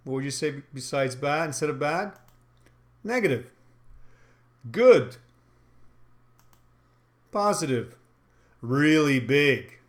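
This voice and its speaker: A man giving a sales training lesson in a slightly high voice. He talks with emphasis and acts out example phrases to show his point. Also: animated, slow, pauses often. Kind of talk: instructional talk.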